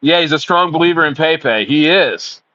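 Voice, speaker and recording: Young man, livestream chatter, excitable, rambling, slang-heavy, a bit high-pitched, dull lo-fi sound. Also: moderate pace, no room sound. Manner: excitable, rambling, says "bro" and "dude" often. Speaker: crypto livestreamer. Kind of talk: casual livestream chat.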